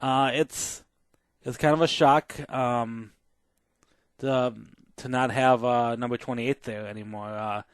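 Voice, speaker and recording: A man's voice: mid-range voice, fairly even intonation, slow, smooth, no echo. A man co-hosting a casual podcast, hesitant and curious, full of fillers and restarts, on a close studio mic. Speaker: podcast co-host.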